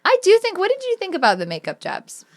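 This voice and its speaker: A woman co-hosting a podcast in casual chat, animated, laughing often and acting out characters' lines. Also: extremely high pitch, fast. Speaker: podcast co-host.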